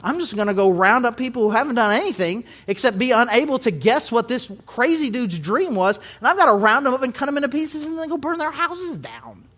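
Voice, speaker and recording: A man's voice: very high-pitched, big pitch swings, fairly quick, hardly any pauses, fairly bright tone, heavily acted. A man voicing a royal guard who sarcastically complains about his grim orders. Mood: sarcastic.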